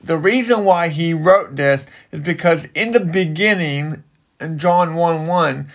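A man's voice: fairly high pitch, unhurried. A man who works in ministry, explaining a Bible passage in casual, rambling talk with frequent restarts. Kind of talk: casual Bible study chat.

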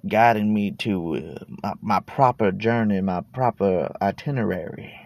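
Laid-back gravelly Texan guy in his thirties. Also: fairly low pitch, measured pace, a little mellow, no echo. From Texas. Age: 30s. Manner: laid-back, meandering, swears casually, trails off and repeats words. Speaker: podcast host. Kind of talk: rambling casual monologue. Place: sitting in his parked car.

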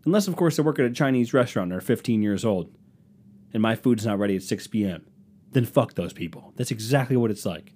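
A man's voice: fairly low pitch, animated, fast talker, mellow, husky. A young man hosting his own podcast, ranting sarcastically about rude customers and mocking them in put-on voices. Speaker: podcast host. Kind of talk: solo comedic podcast rant.

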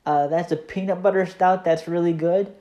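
A man's voice: sits high, fairly even intonation, moderate pace, mellow, lo-fi sound. A man hosting his own podcast, talking in a casual, easygoing solo monologue that rambles with frequent hesitations. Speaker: podcast host.

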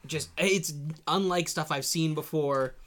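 A man's voice: on the high side, a little slow, fairly bright tone. A man co-hosting a podcast, chatting casually and enthusiastically about the films and shows he loves. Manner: enthusiastic, gushing. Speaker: podcast co-host. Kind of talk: casual film chat.

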